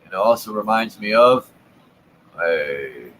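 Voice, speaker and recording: Slow, low-voiced man musing casually. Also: a little hiss or hum, poor audio. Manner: relaxed, amused, slangy asides. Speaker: channel host. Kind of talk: casual commentary while browsing old maps.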